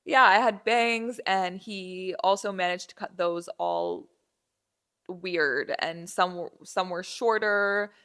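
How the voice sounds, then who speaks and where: A woman's voice: lowish voice, takes it slowly. A young woman hosting a podcast, telling a casual story with lots of fillers and restarts, acting out the people in it. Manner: animated, acts out dialogue, many fillers and restarts. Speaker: podcast host.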